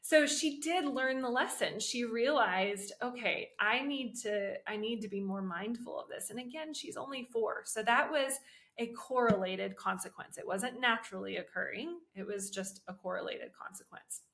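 A woman's voice: fairly high pitch, moderate pace, a bit bright. A woman hosting a parenting podcast, talking in a casual, conversational way and explaining her points through everyday examples.

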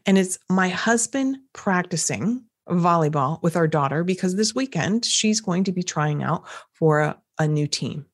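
Woman podcast host, middle-aged, lower-pitched, animated motivational coach recorded at home. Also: normal speed, few pauses. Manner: animated, coaching, talks to the listener directly. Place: indoors at home.

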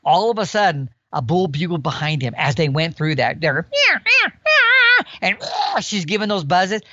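A man in his sixties, a guest on a podcast, telling an animated story about the outdoors, sometimes imitating animal calls. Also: on the high side, brisk, no echo, highs cut off. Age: 60s. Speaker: guest elk hunter.

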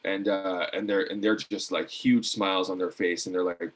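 Husky-voiced man telling an earnest story. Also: deep voice, steady tone, normal speed, hardly any pauses. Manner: earnest, many fillers and restarts. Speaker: guest, former decathlete. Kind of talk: casual storytelling interview.

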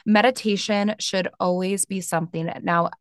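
A woman in her thirties, a meditation teacher, talking gently and reflectively as a podcast guest. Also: mid-range voice, fairly even intonation, normal speed, no echo, clean studio sound. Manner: gentle, reflective, with soft laughs and filler words. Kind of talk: casual podcast conversation.

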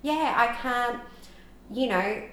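A woman's voice: on the high side, slow, a bit bright. A woman in her thirties, a podcast guest, talking openly and emotionally, with lots of "like" fillers. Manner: frequent "like" fillers, open and emotional. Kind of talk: candid conversational storytelling. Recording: roomy echo with faint background noise.

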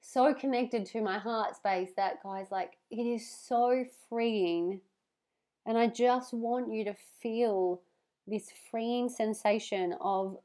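A woman's voice: a little high, a little mellow. A woman hosting a podcast, talking casually and earnestly to her listeners, heartfelt and swearing for emphasis. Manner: heartfelt, talks with hand on heart. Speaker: podcast host. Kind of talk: casual motivational monologue.

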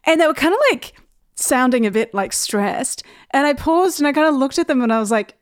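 A woman's voice: sits high, lively intonation, fairly quick, dry recording, studio quality. A young woman telling a personal story in a casual, chatty way, often laughing as she goes.

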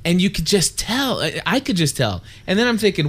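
A man's voice: high-pitched, big pitch swings, a little fast, husky. A man co-hosting a casual podcast, talking in a playful, rambling way and often restarting his sentences. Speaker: podcast co-host. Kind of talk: casual chat.

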